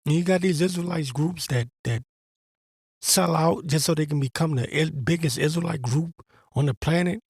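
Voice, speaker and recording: A man's voice: fairly high pitch, normal speed, darkish tone, husky, no echo, clean studio sound. A man giving a blunt, profane religious monologue as host, in an exasperated and crude manner. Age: adult veteran.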